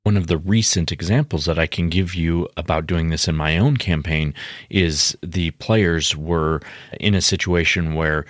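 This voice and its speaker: A man with a very deep voice talks through advice for running tabletop games. He explains earnestly and often restarts his phrases. The recording is dry and close, with no room sound. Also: unhurried, no echo. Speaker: podcast host, game master. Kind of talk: instructional podcast talk.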